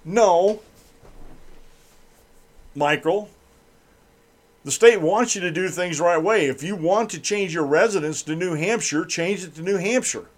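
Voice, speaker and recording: A man's voice: sits high, a little slow, long pauses. A man hosting a political commentary show, reading news items and then ranting about them with scorn.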